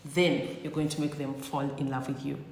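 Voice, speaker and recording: A woman's voice: extremely low pitch, flat delivery, normal speed, a little mellow, slight background noise. A woman vlogger giving comedic advice to camera in a sassy, teasing, playfully exaggerated way. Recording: echoey room with long reverb.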